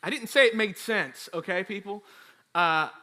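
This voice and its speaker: A man's voice: high-pitched, moderate pace. A man preaching a sermon as a pastor, telling a story in a chatty way, acting out quotes and talking straight to the congregation. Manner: animated storytelling with acted quotes; chatty, addresses the congregation directly.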